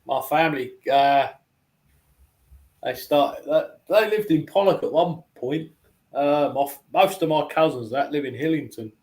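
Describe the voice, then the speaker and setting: A man hosting a podcast in casual chat, relaxed, giving short replies and quick anecdotes. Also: on the high side. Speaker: podcast host.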